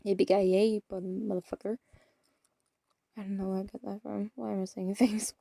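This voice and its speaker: A mid-range, warm female voice with vocal fry keeps a level tone and moderate pace, recorded dry and clean in a studio. The speaker, an eighteen-year-old vlogger, chats in a rambling, self-deprecating way while playing a game and often fades into mumbles.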